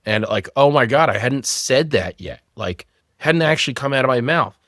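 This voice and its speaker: A company founder in his thirties shares personal stories frankly in a candid podcast conversation, swearing freely. His mid-range voice is a bit bright with lively intonation and a moderate pace, recorded in a clean studio without echo.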